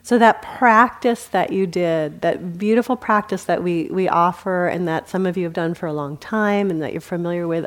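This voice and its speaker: A woman meditation teacher giving a dharma talk at a meditation center. Her voice sits a little low, and her delivery is gentle and unhurried, with easy humor and laughter worked into the teaching. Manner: gentle and warm, with light humor and frequent laughter.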